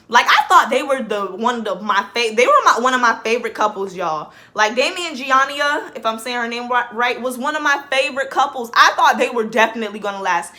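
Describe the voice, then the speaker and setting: A woman's voice: fairly high pitch, pushed and bright. A woman vlogger giving a casual reaction commentary. She talks in a rambling, chatty way, says "like" in almost every phrase and often restarts her sentences.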